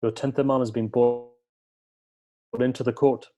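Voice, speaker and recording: A man's voice: mid-range voice, level tone, moderate pace, dark tone. A man giving a sermon, telling stories and acting out quoted dialogue, with earnest, repetitive emphasis. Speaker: speaker at a religious gathering. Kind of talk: sermon with storytelling.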